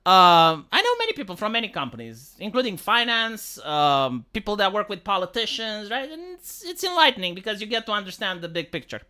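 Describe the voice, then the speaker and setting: Bright, lively-voiced woman streamer. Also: medium pitch, brisk, few pauses. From Romania. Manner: rambling, with many restarts and swearing. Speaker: live streamer. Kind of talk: casual livestream commentary.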